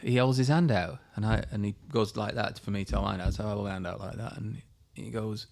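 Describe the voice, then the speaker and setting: Man in his fifties, low voice, animated storyteller guest. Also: fast. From England. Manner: animated anecdotes, acts out voices. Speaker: golfer guest. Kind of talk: storytelling interview.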